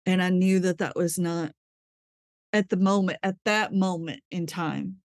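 Expressive woman telling her story. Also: on the low side, unhurried, no room sound, studio quality. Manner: expressive, laughs often, trails off and restarts. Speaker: interview guest. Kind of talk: candid conversational storytelling.

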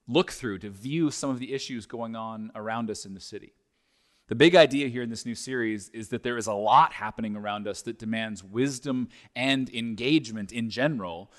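A man preaching a sermon as pastor, reading scripture and then teaching in a measured, deliberate way. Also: mid-range voice.

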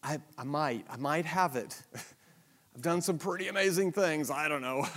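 Man, pastor, sermon, animated, rhetorical questions, fairly high voice. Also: measured pace. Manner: animated, self-deprecating, full of rhetorical questions. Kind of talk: sermon-style Bible teaching.

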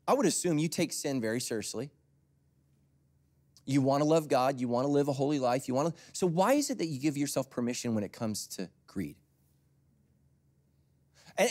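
A man preaching a sermon as a pastor in a conversational, storytelling way, swinging from loud emphasis to near whispers. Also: mid-range voice, sing-song, fairly quick.

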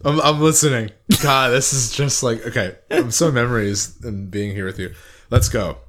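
A man's voice: mid-range voice, moderate pace, a bit bright. A man co-hosting a podcast, chatting in a playful, giggly way. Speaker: podcast co-host. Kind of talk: casual chat.

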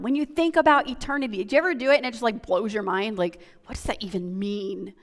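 A woman pastor preaching a sermon, animated, moving between quiet and loud passages. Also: on the high side, fast, hardly any pauses, long reverb tail. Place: church sanctuary.

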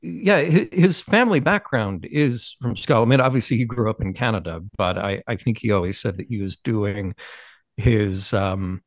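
Brief: male podcast co-host, rambling casual chat, gravelly, dry close sound. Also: lowish voice, expressive, normal speed, dry recording. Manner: rambling, many fillers and restarts.

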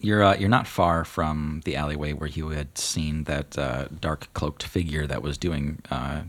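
A man narrating as game master of a tabletop game, relaxed and full of fillers. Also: very deep voice, a little slow.

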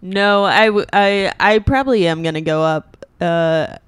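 A woman's voice: fairly low pitch, unhurried, clean tone, dry recording. A young adult woman co-hosting a casual podcast, talking in a hesitant way with many fillers. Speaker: podcast co-host.

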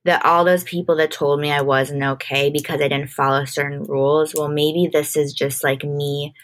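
In a casual conversational interview, a podcast guest who is an entertainment manager speaks in a deep, level voice at normal speed. She comes across as open and thoughtful, with many restarts.

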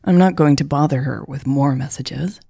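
A woman's voice: rumbling low, normal speed, vocal fry, warm tone, husky, no echo, clean studio sound, full character voice. A woman voicing a heartsick young woman who gets defensive with her sister. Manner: defensive, reluctant.

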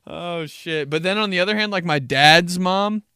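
A man's voice: sits high, sharp tone, smooth, dry recording, clean studio sound. A young man hosting a podcast, telling rambling, profane, comedic stories and laughing at himself. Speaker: podcast host. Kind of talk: casual comedic storytelling.

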